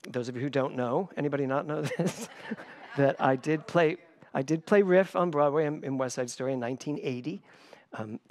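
A man in his sixties, a spiritual director giving a sermon, who tells stories with sudden loud bursts and hushed asides and repeats key phrases for emphasis. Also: fairly high pitch. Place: church stage before a live congregation.

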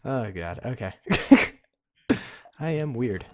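A man giving casual, excitable, slangy commentary while playing a strategy game, talking to himself and his viewers. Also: mid-range voice, slow pace, noisy background. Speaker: gaming commentator. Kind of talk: casual let's-play commentary.

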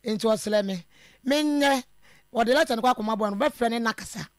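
A caller with a Ghanaian accent tells her story to a radio host in a halting, hesitant way, often breaking off and restarting. The voice sits mid-range in pitch. The sound is dry and close. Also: no echo. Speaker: caller telling a family dispute.

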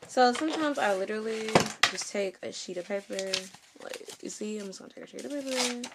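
A woman chats through a craft tutorial at home. She talks straight to her viewers and keeps grumbling at her machine. Clicks and a steady noise sit clearly behind her voice. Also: medium pitch, normal speed. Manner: chatty, frustrated, talks to viewers as y'all. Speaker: vlogger. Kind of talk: casual craft tutorial chat.

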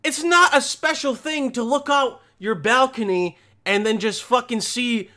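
A young man with a high, light voice rants through comedic reaction commentary. He rambles, swears freely and works himself into mock outrage. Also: measured pace, few pauses, pushed and bright. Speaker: commentary host.

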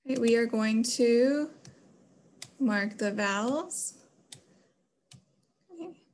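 A woman's voice: on the high side, lively intonation, takes it slowly, darkish tone. A woman teaching a phonics lesson to children, explaining patiently step by step.

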